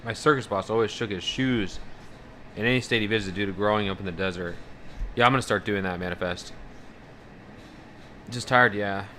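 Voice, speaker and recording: A man's voice: fairly low pitch, a little fast, long pauses, slight background noise. A man livestreaming casually, rambling and swearing as he reads out viewer messages. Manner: rambling, profane, animated about fears. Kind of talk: casual live-stream chat, reading out viewer messages.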